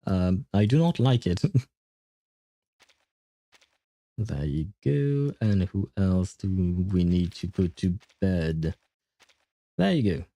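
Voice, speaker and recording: A male game streamer with a low, very dark and mellow voice, talking casually between moves. He laughs often and fills gaps with hesitant fillers. The sound is close and dry. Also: very animated, slow, no echo. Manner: reads and answers chat aloud. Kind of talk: casual live-stream chat while playing.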